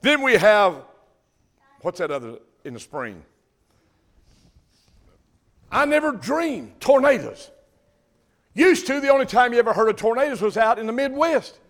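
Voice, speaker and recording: An older man with a drawl delivers a fiery sermon. His voice sits high and ringing, and he swells to loud emphasis on the words that matter. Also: very animated, measured pace, long pauses. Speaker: pastor.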